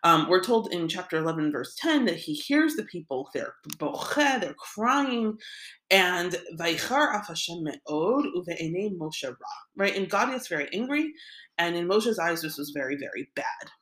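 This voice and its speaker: Animated woman teaching scripture casually. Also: fairly low pitch, moderate pace. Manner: conversational, animated, paraphrases the text in everyday speech. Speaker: Torah teacher.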